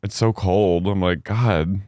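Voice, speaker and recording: Animated man, smooth dry voice. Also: moderate pace, no echo. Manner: animated, acts out quotes in high voices. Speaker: podcast co-host. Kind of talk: casual chat recapping reality TV.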